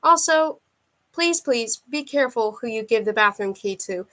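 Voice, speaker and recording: Woman reader doing a chatty upbeat male manager, breezy memo, bright and high. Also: animated, normal speed.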